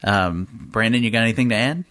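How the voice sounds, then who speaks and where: A man's voice: lowish voice, brisk, fairly bright tone, dry recording. Joking podcast host man, dry sound. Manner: joking, laughs easily. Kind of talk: casual podcast chat.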